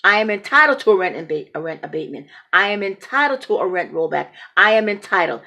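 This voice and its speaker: A woman's voice: medium pitch, very animated, fast, hardly any pauses, pushed and bright. A woman, a public housing tenant, ranting angrily with emphatic, repetitive, indignant phrasing. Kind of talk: angry rant vlog.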